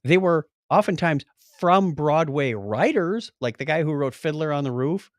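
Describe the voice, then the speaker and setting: Male podcast host, animated and playful, slightly high voice, dry studio. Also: no echo. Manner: jokey, animated, rattles off lists quickly. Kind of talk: casual chat.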